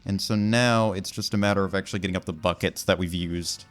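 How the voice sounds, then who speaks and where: A man's voice: low-pitched, fairly even intonation, fast, faint music behind. A man commentating a cleanup game, rambling and joking with lots of fillers. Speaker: gaming YouTuber. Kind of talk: let's play commentary.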